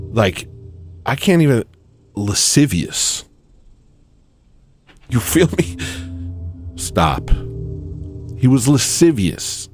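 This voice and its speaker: A man with a fairly low voice talks casually, winding through a story full of asides and tangents. He keeps checking in with the listener and laughs at himself now and then. Faint music sits in the background. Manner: storytelling with digressions, frequent "you know what I mean" and laughing asides. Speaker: podcast host. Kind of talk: casual rambling monologue.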